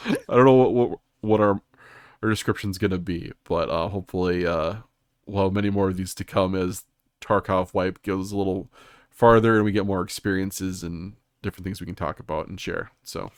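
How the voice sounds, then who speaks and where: A man's voice: sits low, steady tone, moderate pace, no room sound, clean studio sound. A man hosting a casual gaming podcast, telling stories in a rambling way with many ums and restarts. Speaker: podcast host.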